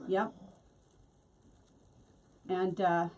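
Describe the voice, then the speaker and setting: A woman's voice: fairly low pitch, little pitch movement, drawn-out words, a little mellow. A middle-aged woman hosting a casual craft tutorial, chatting and laughing as she works. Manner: chatty, laughs often, talks while working. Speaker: wreath-making host.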